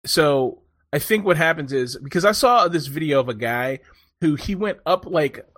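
Guy rambling through a story in a chat, kinda high voice, lots of "like", dry close sound. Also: moderate pace, dry recording. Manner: animated rambling storyteller, swears, many fillers. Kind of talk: casual chat.

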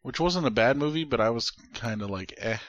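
A man's voice: medium pitch, expressive, fairly quick, a bit bright, no room sound. A man co-hosting a casual podcast, talking in a laid-back, shrugging way. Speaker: podcast co-host.

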